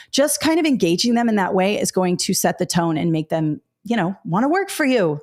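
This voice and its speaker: A woman's voice: medium pitch, expressive, fast talker, few pauses, a little mellow. A middle-aged woman hosting a live teaching webinar, talking directly and casually with frequent fillers. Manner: chatty, direct, many fillers and asides. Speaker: education webinar host.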